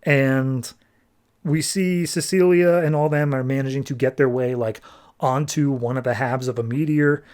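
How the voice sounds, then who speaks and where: Steady and somewhat dark in tone, this man's medium-pitched voice carries a laid-back comic book recap on his podcast. He retells the issue chattily, leaning on "like" and offering quick paraphrases of the characters' words.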